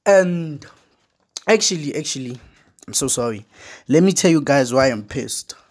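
A man's voice: a little high, expressive, measured pace, a little mellow, slightly rough. A South African man hosting a football podcast alone, ranting in a frustrated, slangy way with lots of repeated words. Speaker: podcast host. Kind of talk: casual solo podcast rant.

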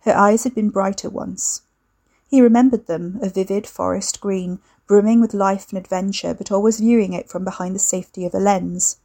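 A woman narrating a dark fiction story in a measured, steady reading. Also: mid-range voice. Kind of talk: scripted audiobook narration.

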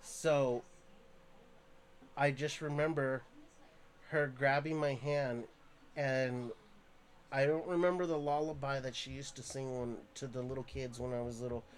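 Podcast host, man, mid pitch, earnest halting storyteller, casual chat. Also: steady tone. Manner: earnest, halting, emotional retelling with restarts.

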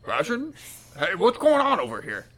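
A man voicing a greedy, gruff male goblin castle guard who bargains and barks orders. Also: high voice, huge pitch swings, normal speed, pitched above the performer's own voice, full character voice. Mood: suspicious. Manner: pushy, bargaining, shouty bursts.

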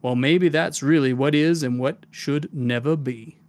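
A man voicing a folksy Southern gentleman pirate captain, with a put-on Southern US accent and old-fashioned, drawn-out phrasing. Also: mid-range voice, dry recording, studio quality, natural voice.

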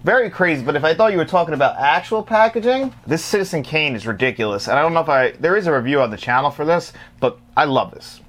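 A man's voice: a little high, quick pace, hardly any pauses. A man co-hosting a casual show about movies on disc, chatting and joking with lots of laughter. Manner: laughs often, animated and joking. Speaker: co-host of a physical media show. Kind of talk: casual chat.

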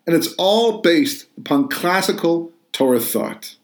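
A man with a fairly high voice talks about his religious books in an earnest, explaining way. The sound is roomy and echoey. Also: lively intonation, a little slow, hardly any pauses. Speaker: author.

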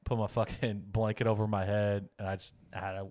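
A man in his thirties telling a story in casual podcast chat, animated and swearing freely, acting out the other people in it. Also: fairly low pitch, a little fast, no room sound. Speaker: podcast co-host.

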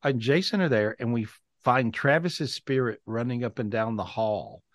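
A man's voice: medium pitch, normal speed, dry recording. A man hosting a live video-call podcast, telling a story animatedly, often repeating and restarting his words. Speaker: podcast host.

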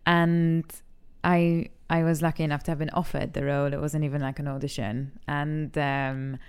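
A young adult actress from Malta, speaking openly and with feeling in an interview, laughing easily. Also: female voice, low voice, flat delivery, moderate pace, a little mellow, smooth. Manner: candid and emotional, laughs easily. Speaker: actress and TV talent show judge. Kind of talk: frank interview conversation.

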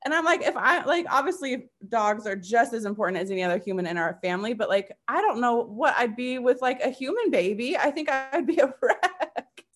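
A woman's voice: fairly high pitch, expressive, fairly quick, hardly any pauses. A woman guest in casual chat, talking loosely with many fillers.

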